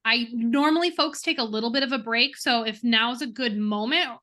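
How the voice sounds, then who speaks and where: A woman coordinating a training session over a video call in a relaxed, informal, friendly way. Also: on the high side, normal speed. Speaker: session organizer. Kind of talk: casual meeting coordination.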